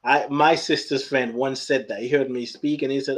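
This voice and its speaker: A man's voice: mid-range voice, normal speed. A man from Nigeria with a mixed Nigerian, British and Southern US accent, hosting a podcast and telling stories in casual conversation. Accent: Nigerian, British and Southern US mix. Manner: animated storyteller, acts out quoted voices. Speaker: podcast host.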